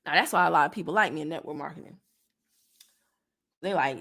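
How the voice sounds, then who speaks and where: A woman's voice: low voice, quick pace, creaky, pushed and bright. A woman network marketing coach talking straight to camera, blunt, sassy and colloquial, and easily worked up. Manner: gets worked up. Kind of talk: casual direct-to-camera talk.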